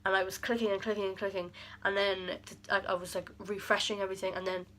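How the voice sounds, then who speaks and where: A woman's voice: mid-range voice, little pitch movement, fast talker, sharp tone. A young woman recording a rambling, heartfelt birthday message to a close friend at home, full of "like" and fond, emotional asides. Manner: rambling and affectionate, heavy use of "like"; emotional, near tears at times. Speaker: vlogger.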